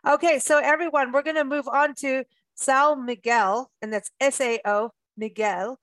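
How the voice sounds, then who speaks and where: A woman's voice: sits high, fairly even intonation, moderate pace, fairly bright tone, no echo. Chatty, laughing woman host. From South Africa. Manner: chatty, laughing, with playful asides. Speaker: radio show host. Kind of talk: casual chat.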